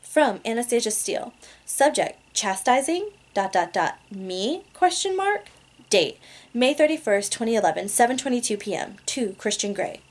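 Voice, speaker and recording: A woman's voice: on the high side, sing-song, moderate pace. A woman reading a romance novel aloud in a casual amateur way, laughing at her own slips. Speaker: reader.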